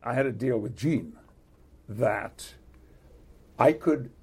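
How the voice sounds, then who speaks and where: An older man with a British accent, a guest in a relaxed interview who talks haltingly and chuckles often. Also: mid-range voice, breathy edge. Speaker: actor guest. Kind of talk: casual interview chat.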